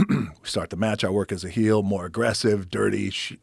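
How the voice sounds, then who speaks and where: A gravelly, husky man spins a story as a podcast guest, cursing freely and playing the people he quotes. His fairly low voice is recorded dry and close, and it sometimes sinks to a whisper. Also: normal speed, no room sound. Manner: animated, swears freely, acts out quoted people, drops to a whisper. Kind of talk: casual storytelling.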